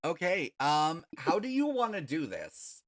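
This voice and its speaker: A game master narrating a tabletop game, halting and full of ums. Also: medium pitch, huge pitch swings.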